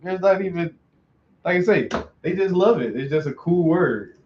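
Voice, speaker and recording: A man's voice: high-pitched, expressive, normal speed, slight background noise. A man painting on a long live stream, chatting casually in a loose, slangy, joking way. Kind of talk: casual chat while painting. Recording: roomy, dull lo-fi sound.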